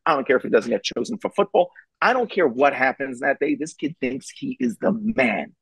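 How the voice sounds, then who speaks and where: A man's voice: mid-range voice, big pitch swings, brisk, creaky, fairly bright tone, breathy edge, no echo, poor audio. A middle-aged man giving parenting advice as a guest, telling a story emphatically and repeating his key points.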